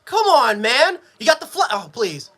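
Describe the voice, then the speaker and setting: A man streams live reactions to a game in a bright, forceful voice. His pitch jumps all over, from loud outbursts down to low, weary muttering. He swears freely and keeps repeating himself as the frustration builds. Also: very animated, normal speed. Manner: frustrated, repetitive, swings from yelling to muttering; profane. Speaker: sports fan streamer.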